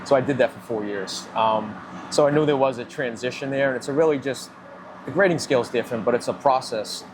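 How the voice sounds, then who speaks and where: A man with a Boston accent, a football general manager answering interview questions in a measured, businesslike way, with many "you know" fillers. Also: mid-range voice, background noise. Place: live remote broadcast at a football event.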